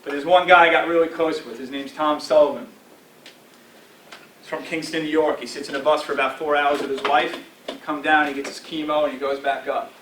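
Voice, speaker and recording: A man in his forties speaks to a room full of players in a direct coaching voice, his tone sitting a little high for a man. He is recorded from a distance, so his voice bounces around a roomy space over a faint background hum. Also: steady tone, a little fast, fairly bright tone. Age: 40s. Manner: direct, coaching tone with frequent "all right?" and "right?". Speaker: guest speaker addressing a football team. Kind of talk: motivational talk. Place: team meeting room. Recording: roomy echo from afar with faint ambience.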